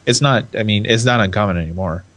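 Laid-back california guy, low-ish voice, rambly podcast chat, keeps restarting himself. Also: fast, a bit bright. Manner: rambling, self-interrupting, laughs often. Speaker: podcast co-host. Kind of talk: casual chat.

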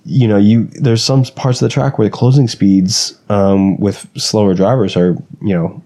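Guy with the hiccups, lowish mellow voice, lots of ums and false starts, chatting from a bedroom. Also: fairly even intonation, normal speed. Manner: hesitant, many fillers and restarts. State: has the hiccups. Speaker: podcast co-host and race driver. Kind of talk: casual chat.

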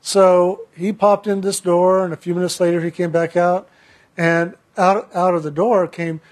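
High-voiced guy telling a story, stumbles and repeats himself. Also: little pitch movement. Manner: halting, repeats words, chatty. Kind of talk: spoken personal storytelling.

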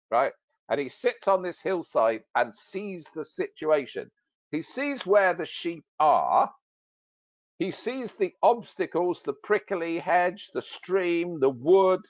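A man's voice: on the high side, dry recording, dull audio. A British man, a sales expert and author, telling a story in casual podcast talk with jokey, self-mocking humor.

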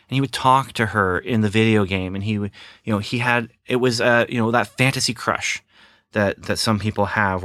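A man's voice: fairly low pitch, sharp tone, dry recording, clean studio sound. A middle-aged man giving a rambling, sarcastic casual film review. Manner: rambling, sarcastic, lots of fillers and restarts.

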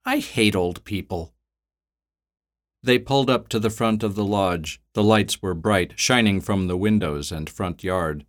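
A man with a very deep, low voice reads a scripted story aloud. His delivery is measured and steady, in the manner of an audiobook narrator.

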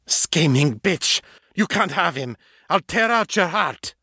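A man's voice: fairly low pitch, unhurried, breathy edge, no echo, studio quality. A man voicing a furious woman ghost. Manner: fierce, then bitter and hushed. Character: angry jealous woman ghost, bound to violin.

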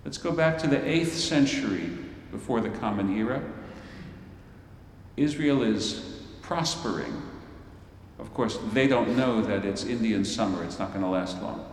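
A slow, wry preacher in a hall. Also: male voice, fairly low pitch, expressive, slight background noise. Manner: playful, theatrical, wry asides. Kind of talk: storytelling sermon. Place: large worship hall. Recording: echoey hall from far off.

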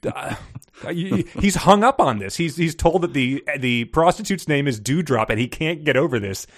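A man co-hosting a podcast, talking about a book in a rambling, halting way with frequent restarts. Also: a little high, animated. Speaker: podcast co-host. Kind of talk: casual chat about a book.

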